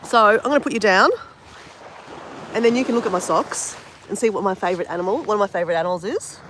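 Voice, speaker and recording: A woman, chatting excitedly to viewers on a phone live stream at the beach. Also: mid-range voice, fast talker, noisy background. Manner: chatty, excitable, repeats herself. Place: outdoors, driving to and walking at a beach. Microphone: phone held in hand.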